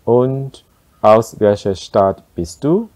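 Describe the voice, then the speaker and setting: A man reading the part of a friendly thirty-year-old in a slow textbook dialogue. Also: fairly low pitch, animated, a little mellow.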